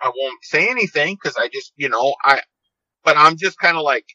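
Fifty-something guy on the phone, rambling storyteller, tense bright voice, kinda dull dry line. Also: a little high, a little fast, dry recording. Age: 50s. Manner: rambling, repeats and restarts phrases. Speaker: podcast guest, seed company owner. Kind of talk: casual storytelling interview. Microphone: phone call.

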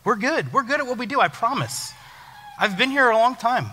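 A young adult youth pastor gives a casual, joking sermon in a church hall with long reverb. His very high-pitched voice moves briskly through lively, self-deprecating stories.

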